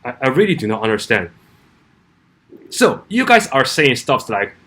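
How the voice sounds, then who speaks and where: A man speaking in a mid-pitched voice with very animated intonation. He argues his point in a vlog, stacking rhetorical questions and stumbling into restarts as he pushes on. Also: normal speed, pauses often. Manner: argumentative, full of rhetorical questions, frequent restarts. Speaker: commentary vlogger. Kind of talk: opinion commentary vlog.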